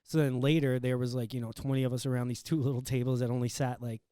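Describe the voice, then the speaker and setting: Quick, rambling man, mellow tone, casual podcast guest, dry close sound. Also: medium pitch, flat delivery, smooth, no echo. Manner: rapid, rambling, laughs mid-sentence. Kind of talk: casual chat.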